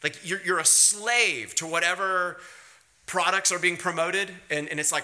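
A man preaching a sermon, hitting key words in high emphatic bursts, then easing into quiet, wry storytelling. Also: moderate pace. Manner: drops to quiet, wry storytelling with light laughs. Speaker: pastor.

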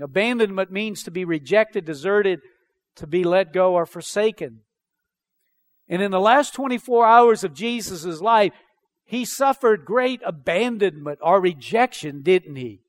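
A man preaching a sermon as pastor, reading scripture aloud and then explaining it with emphatic questions. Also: sits high.

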